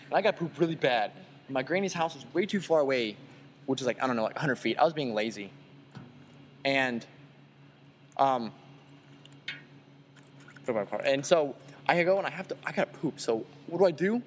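A young man on a casual podcast telling an excitable, crude story. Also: medium pitch, fairly quick, long reverb tail, a little hiss or hum.

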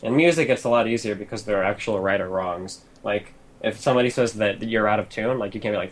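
A man's voice: fairly low pitch, a little hiss or hum. A man talking casually about games, blunt and profane, ranting in long run-on stretches. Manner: blunt, profane, rapid rants. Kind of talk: casual gaming chat.

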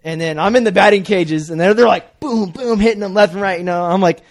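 A man's voice: sits high, a little fast. A young man telling rambling, profane stories in a casual chat, laughing as he goes. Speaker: storyteller.

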